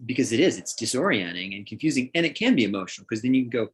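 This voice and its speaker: A man's voice: medium pitch, expressive, rapid-fire, slightly rough. A middle-aged man, a counselor, answering questions on a livestream in a thoughtful way, often restarting and acting out examples. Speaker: counselor guest.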